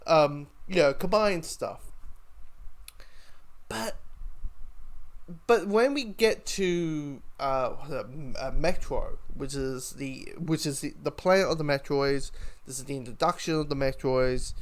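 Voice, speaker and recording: Rambling man, a bit high-voiced. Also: slow pace, long pauses. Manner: rambling, lots of fillers and restarts. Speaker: TV episode reviewer. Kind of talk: casual spoken review.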